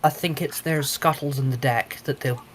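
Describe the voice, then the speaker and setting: A woman's voice: very deep voice, fairly even intonation, moderate pace, slight background noise, low-quality recording. A woman joining a casual chat with dry, teasing remarks.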